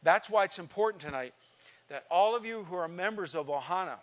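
Man preaching, bit high voice, tells his story then gets loud and pushy about it. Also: a little fast. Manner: storytelling, emotional, rising to emphatic exhortation. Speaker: visiting pastor. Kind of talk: sermon.

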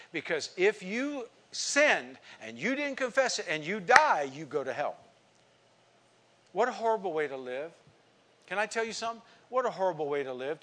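Fairly high-voiced animated preaching man. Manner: animated storyteller, swings from quiet asides to emphatic outbursts. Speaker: pastor. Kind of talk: sermon with personal storytelling.

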